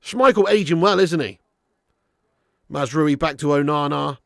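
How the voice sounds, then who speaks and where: A man hosting a live football watch-along, excitable, yelling at the referee one moment and muttering the next, and chatting with his viewers. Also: a little slow, gravelly, dry recording, studio quality. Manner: excitable, yells at the referee, then drops to low muttering; swears and chats with live viewers. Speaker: fan channel host.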